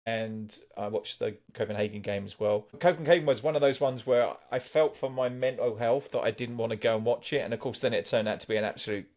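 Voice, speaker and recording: A man's voice: medium pitch, brisk, hardly any pauses, a little mellow. Chatty man hosting a podcast. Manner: chatty, rambling, laughs easily. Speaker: podcast host. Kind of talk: casual podcast chat.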